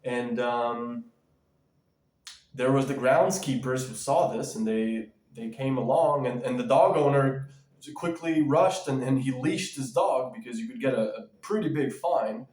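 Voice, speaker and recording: A man's voice: medium pitch, measured pace, a little mellow. Rambling man ranting in an echoey room. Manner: rambling, emphatic, lots of fillers and restarts. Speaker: vlogger. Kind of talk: casual ranting vlog.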